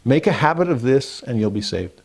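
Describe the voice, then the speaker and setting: A man's voice: mid-range voice, lively intonation, moderate pace, husky. A man reading Jesus's lines in a plain, conversational way. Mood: firm. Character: calm, plain-spoken male Jesus in a retold parable.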